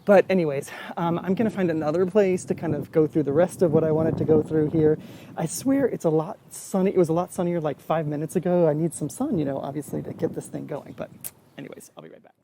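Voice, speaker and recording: A man's voice: on the high side, quick pace, noisy background. A man in his forties chatting casually in a vlog, reviewing a hair product in a rambling, self-deprecating way. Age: 40s.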